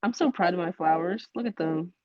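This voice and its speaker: A woman's voice: lowish voice, a little fast, no echo, lo-fi sound. A woman playing a tabletop game, chatting casually, teasing and full of slang. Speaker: player. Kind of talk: casual chat.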